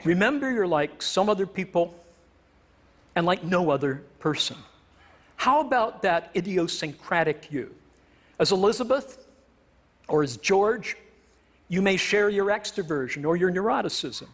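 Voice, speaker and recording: A man from Canada lectures on stage with a noticeably high-pitched voice. He is a professor with a wry, self-deprecating humor and a playful turn of phrase. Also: lively intonation, measured pace, long pauses. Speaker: professor giving a stage talk.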